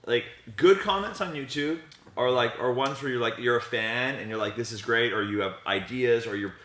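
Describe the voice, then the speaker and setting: A man's voice: medium pitch, moderate pace, a bit bright, roomy sound. A man hosting a casual comedy chat, joking crudely and laughing easily. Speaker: podcast host, magician and comedian.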